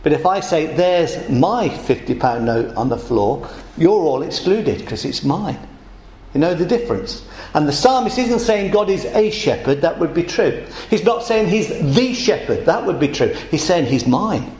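A man's voice: fairly high pitch, lively intonation, normal speed, a little mellow. A man preaching a sermon in a conversational way, asking the congregation questions. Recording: echoey church room.

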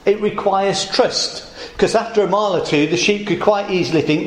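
A man's voice: high voice, moderate pace, hardly any pauses. A man preaching a sermon in a conversational way, asking the congregation questions. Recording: echoey church room.

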